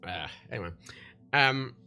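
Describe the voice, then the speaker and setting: A British man livestreaming in loose, crude chat that keeps doubling back on itself. His voice swings widely in pitch, and his tone is bright and forceful. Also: animated, measured pace, clean tone, muffled recording, faint music behind. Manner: rambling, crude, self-interrupting.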